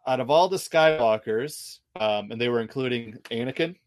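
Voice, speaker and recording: A man chatting casually as a podcast co-host, rambling and animated, with lots of fillers and restarts. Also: medium pitch, normal speed. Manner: rambling, animated, quotes characters in put-on voices. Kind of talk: casual chat.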